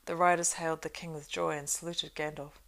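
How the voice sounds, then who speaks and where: A woman reading a fantasy audiobook, narrating in a steady, unhurried way. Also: deep voice, gravelly. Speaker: audiobook reader.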